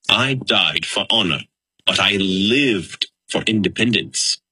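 Brief: man as an honor-bound revolutionary, emphatic slow telling, lively pitch. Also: breathy edge, no echo, heavily acted, low-quality recording. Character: proud, honor-bound Georgia signer, fiery man. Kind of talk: first-person historical monologue.

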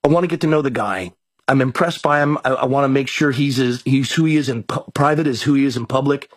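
A man's voice: medium pitch, quick pace, breathy edge, dry recording. A man who is a mayor and a pastor, telling a long story in a rambling, folksy way and repeating his words as he goes. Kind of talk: storytelling in a conversation.

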